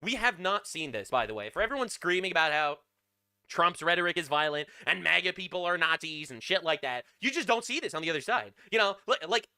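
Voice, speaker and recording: A man's voice: on the high side, expressive, brisk, bright, forceful tone, clean tone. A man hosting a live news reaction stream, talking in a crude, sarcastic, mocking rant.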